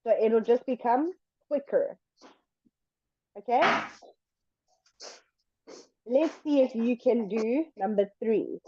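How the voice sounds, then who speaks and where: Slow, patient woman teaching English. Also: fairly high pitch, mellow, breathy edge, dry recording, dull audio. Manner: patient, slow and deliberate, stretching words to demonstrate. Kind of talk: online language lesson.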